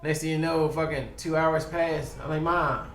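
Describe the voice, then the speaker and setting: A man's voice: fairly high pitch, steady tone, normal speed, reverberant, noisy background. A man from Baltimore, a podcast guest telling a long, profane, rambling story packed with quoted dialogue. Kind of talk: casual storytelling. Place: podcast studio.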